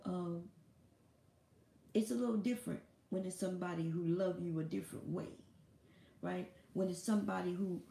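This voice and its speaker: A woman's voice: fairly low pitch, vocal fry, warm tone, roomy sound. A woman hosting a live stream, talking in a casual, blunt and profane monologue.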